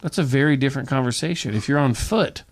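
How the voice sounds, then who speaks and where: Man, brewery tour owner, casual podcast guest, enthusiastic storyteller with stop-start restarts, mid-pitched voice. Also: fast talker. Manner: enthusiastic storyteller, repeats words when starting. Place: Knoxville.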